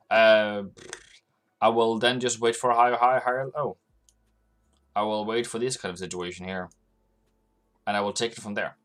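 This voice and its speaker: Male streamer, low-ish voice, loose unscripted market commentary with clicking keys. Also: fairly bright tone. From Norway. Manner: loose and rambling, talking to chat while working through charts. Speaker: forex trading livestream host.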